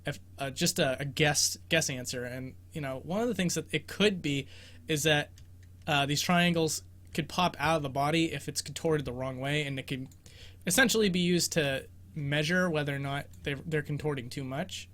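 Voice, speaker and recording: A man's voice: fairly high pitch, normal speed, fairly bright tone. A young man hosting a casual livestream Q&A about a video game, rambling and self-deprecating and laughing often, speaking from his bedroom. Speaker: host of a game exploration show.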